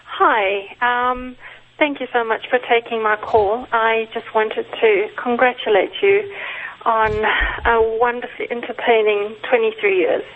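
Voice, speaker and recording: A middle-aged woman with a South African accent calls in to a talk show. Her voice sits a little high and she speaks in a polite, appreciative way. The sound is thin and tinny, like a telephone line. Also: steady tone, a little slow. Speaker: caller.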